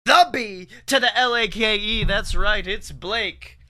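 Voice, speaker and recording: A man's voice: high voice, a little slow, bright, forceful tone. A man co-hosting a comedy podcast, playful and theatrical, slipping into goofy announcer bits. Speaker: podcast co-host. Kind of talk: casual comedic banter.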